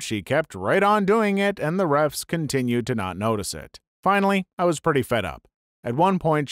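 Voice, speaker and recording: A man narrating online stories aloud in a steady, matter-of-fact read. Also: fairly high pitch, no room sound, clean studio sound. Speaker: story narrator.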